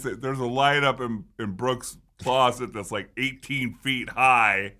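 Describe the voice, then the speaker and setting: Man in his 50s, co-host, bright forceful tone, laid-back, laughs often, halting restarts. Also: mid-range voice. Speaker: co-host, former pro football player. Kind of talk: casual sports talk show chat.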